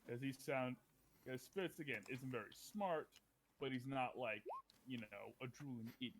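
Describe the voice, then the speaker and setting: A man who plays a tabletop game, chatting casually and emphatically about past sessions, with sudden loud stresses. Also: mid-range voice, moderate pace, noisy background. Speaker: player. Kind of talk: casual chat.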